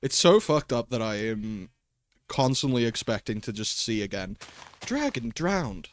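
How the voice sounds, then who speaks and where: A man's voice: lowish voice, normal speed, dry recording. A man livestreaming a game in casual commentary, chatty and talking to himself and his pets, swearing and laughing often at a desk microphone.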